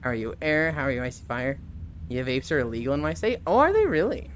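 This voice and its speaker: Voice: medium pitch, fast talker, a little hiss or hum. A live streamer chatting casually with viewers, laughing often and reading chat messages aloud.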